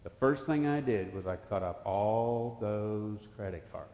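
Male preacher in his fifties, low voice, folksy storytelling, emphatic bursts, long reverb in a church. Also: animated, normal speed, few pauses, darkish tone. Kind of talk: sermon. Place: church sanctuary. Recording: echoey church hall.

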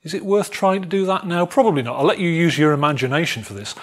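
A man lecturing a student society on wifi security in a jovial, animated way, acting out phones calling for networks. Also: a little high, quick pace. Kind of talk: technical talk to a student society.

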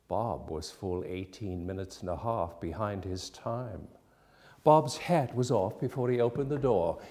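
A man narrating a classic holiday tale in a theatrical, expressive storytelling style. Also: lowish voice, measured pace. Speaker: actor and narrator.

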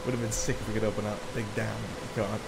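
A young man giving excitable live gameplay commentary, often breaking into shouts and laughter. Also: on the low side, rapid-fire, creaky, a little hiss or hum. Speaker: gaming YouTuber. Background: loud game music and gunfire.

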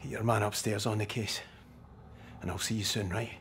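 An actor with a Scottish accent voicing an urgent, protective oil rig worker in a video game, blunt and swearing freely. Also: male voice, lowish voice, fairly even intonation, moderate pace, fairly bright tone, slight background noise, close to an everyday voice. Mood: steady. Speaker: game character.

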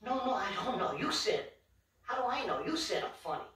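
Casting note: a swaggering, foul-mouthed gangster, volatile, high and sharp, heard from off in an echoey room. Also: male voice, very animated, brisk, full character voice. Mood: menacing. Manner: swaggering, profane, turns menacing. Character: volatile, quick-tempered male gangster storyteller. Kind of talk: film drama dialogue. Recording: roomy, distant film soundtrack.

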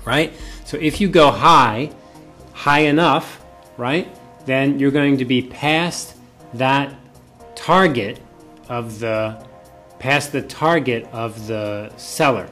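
A man's voice: mid-range voice, takes it slowly, pauses often, sharp tone, faint music behind. A male professor giving a classroom lecture, often repeating key points and asking rhetorical questions.

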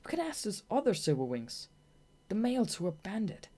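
A woman's voice: medium pitch, big pitch swings, warm tone, pitched above the performer's own voice. A woman reading an audiobook, voicing a young male bat who is a hot-tempered, boastful runt. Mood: earnest. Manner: eager, boastful, quick to take offense.

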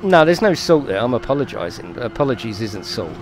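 A man's voice: medium pitch, very animated, fairly quick, a little hiss or hum. Sweary man streaming a race. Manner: sweary, apologetic, giggly. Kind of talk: live racing game stream commentary.

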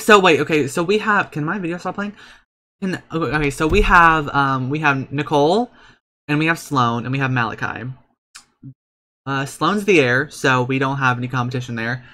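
A young man giving casual, chatty commentary over a life-sim game, excitable and swearing freely as he talks to his viewers. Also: mid-range voice. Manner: excitable, with sudden gasps and squeals; chatty and profane, talking straight to viewers. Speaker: let's play creator.

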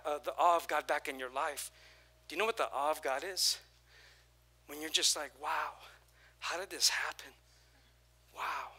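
A man preaching a sermon as pastor, energetic, with repeated phrases and call-and-response, his voice prone to going hoarse. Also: on the high side.

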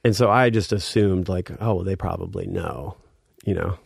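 A man's voice: deep voice, moderate pace, gravelly, husky, no echo, studio quality. A man in his thirties, a guest musician, telling a story in a laid-back way with many fillers, getting livelier as he acts out scenes. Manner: laid-back, filler-heavy, reenacts scenes with rising energy. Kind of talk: casual storytelling.

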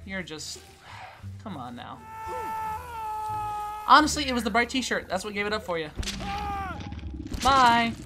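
A woman giving casual commentary on her own gameplay, playfully taunting the other players and swinging from quiet mutters to loud squeals. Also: mid-range voice, big pitch swings, unhurried, pauses often, over music. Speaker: gaming YouTuber.

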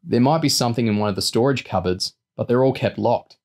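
A man's voice: mid-range voice, fast talker, a little mellow, natural voice. A man reading aloud and voicing a streetwise boy who speaks firmly and bluntly. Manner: firm, matter-of-fact.

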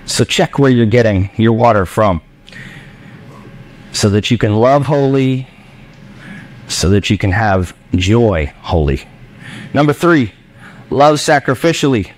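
A man preaching a sermon as pastor in a church, animated and jokey, acting out voices of his listeners. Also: medium pitch, takes it slowly, pauses often.

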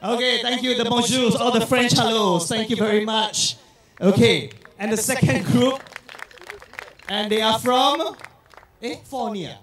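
A man hosting a crowd game on stage with lots of energy, shouting and repeating words quickly over the crowd. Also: extremely high pitch, recorded from a distance. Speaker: event host. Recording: echoey hall, heard from afar.

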